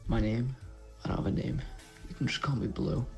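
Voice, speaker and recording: A man voicing an edgy, nameless young fighter in a fan-made animated series, in a forced, gravelly tough-guy voice. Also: mid-range voice, fairly quick, close to an everyday voice. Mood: brooding. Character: edgy nameless male fighter, brooding and cold. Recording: played over loud music.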